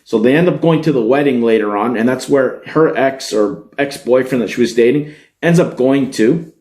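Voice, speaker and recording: Male podcast host, excitable, swears a lot, mid-pitch voice, roomy echo on the recording. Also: moderate pace. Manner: excitable, swears freely, talks straight to viewers. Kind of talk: casual spoiler-filled movie recap.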